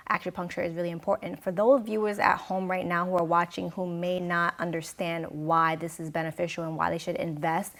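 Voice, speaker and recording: A woman's voice: on the low side, creaky, a bit bright. A woman hosting a local TV health talk show, interviewing a guest in a chatty, personal way with many filler words.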